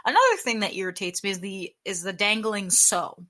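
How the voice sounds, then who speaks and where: Young woman podcast co-host, bright edgy voice, blunt and exasperated, swears freely in casual chat. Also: medium pitch, expressive, brisk.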